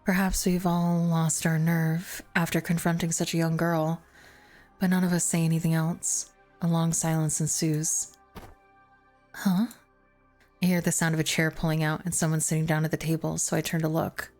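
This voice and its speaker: A woman streamer reading a visual novel aloud with casual, quick asides. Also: deep voice, level tone, darkish tone, soft background music.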